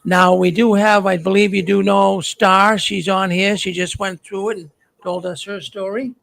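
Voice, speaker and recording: A man hosting a live talk show, speaking haltingly with many fillers. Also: high-pitched, level tone, gravelly, fairly bright tone, no echo, rough recording. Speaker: host.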